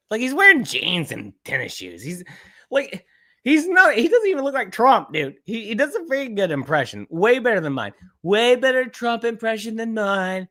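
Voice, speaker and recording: A male podcast host reacts to a clip in casual, profane rants. His pitch swings up and down a lot as he gets worked up. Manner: ranting, profane, animated.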